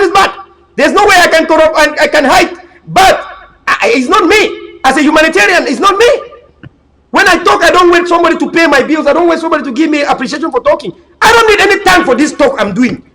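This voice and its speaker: Emphatic high-voiced man. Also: bright, forceful tone, rough recording. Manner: emphatic, repetitive, preachy, with frequent stammered restarts. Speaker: political commentator. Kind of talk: impassioned online political talk.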